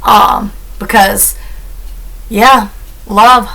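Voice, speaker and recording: Lady vlogging while she tidies up, bright voice, kinda rambly and heartfelt. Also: mid-range voice, fairly even intonation, very slow, creaky, rough recording. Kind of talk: casual chat while doing chores.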